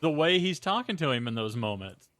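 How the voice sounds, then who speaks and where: A young adult man co-hosting a casual film-review podcast, animated, acting out lines he quotes and swearing casually. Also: a little high, fairly quick, no room sound, clean studio sound. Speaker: podcast co-host.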